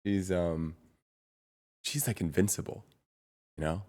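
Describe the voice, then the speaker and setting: A man streamer chatting casually to his viewers, rambling and halting, with lots of fillers and restarts. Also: deep voice, a little mellow. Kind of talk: casual live-stream chat.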